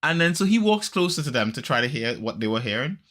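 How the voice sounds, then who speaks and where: A podcast host chatting casually, retelling a story in an animated way and acting out the characters. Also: male voice, medium pitch, fast talker, a little hiss or hum. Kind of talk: casual chat.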